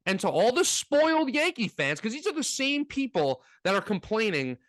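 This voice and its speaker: A man's voice: very high voice, very animated, normal speed, a bit bright, no room sound. A man co-hosting a casual sports talk podcast, ranting with energy and mocking fans in put-on voices.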